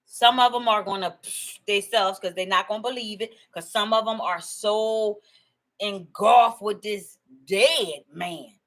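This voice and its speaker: A woman in a casual, rambling monologue to her viewers, animated and emphatic, often repeating herself. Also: medium pitch, measured pace, low-quality recording. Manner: animated and excitable, laughing and emphatic; rambling storytelling with repetition. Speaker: video host.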